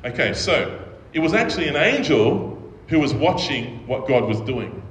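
In an echoey hall with faint ambience and a little hiss or hum, a man preaches as pastor in a slightly high, sing-song voice at normal speed with few pauses. His sermon feels conversational, and he often checks in with listeners with "right?"

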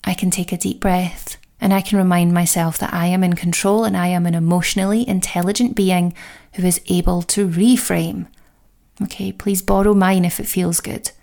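Woman coaching on her self-help podcast, lowish voice w/ lots of vocal fry, slow and encouraging. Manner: warm encouraging affirmations, slow deliberate phrasing.

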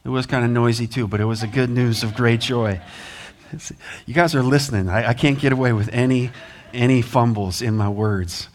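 A man's voice: medium pitch, moderate pace, slight background noise. A man preaching a sermon as pastor, earnest, with rising emphasis, American accent. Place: church sanctuary.

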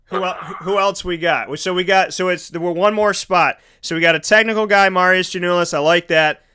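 A man's voice: high-pitched, moderate pace, bright, forceful tone, smooth. A man hosting a casual interview, talking enthusiastically and rambling with restarts. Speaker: host.

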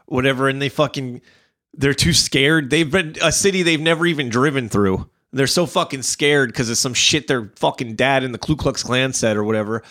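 A man's voice: mid-range voice, moderate pace, fairly bright tone. A man from New Jersey, co-hosting a podcast and ranting heatedly about work, often acting out his coworkers' voices. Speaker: podcast co-host. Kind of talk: casual profane chat.

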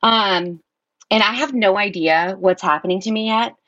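A woman tells a personal story in an easy conversational way, with lots of fillers. She gets animated and acts out what people said, laughing often. The recording is a little dull and dry, with no room sound. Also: medium pitch, moderate pace, dry recording. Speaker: guest telling her story.

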